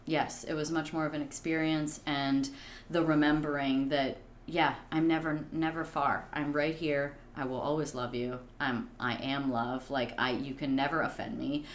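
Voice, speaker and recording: A woman in her thirties speaks in a low register, earnest and searching, filling her thoughts with "like". Her voice rings a little in a roomy space, with faint noise behind. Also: little pitch movement, moderate pace. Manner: earnest, many fillers like "like". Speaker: podcast guest. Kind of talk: reflective conversation.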